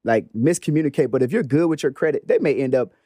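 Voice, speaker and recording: A man, a guest coach, explaining money matters in a casual interview, energetic and acting out little quoted voices. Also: medium pitch, fast talker, no room sound, clean studio sound. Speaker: guest, mindset and financial literacy coach.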